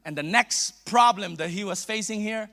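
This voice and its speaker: A middle-aged man with a Filipino accent preaching a sermon as a bishop, playful and animated, with laughs and asides. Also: high voice, normal speed, gravelly. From Philippines.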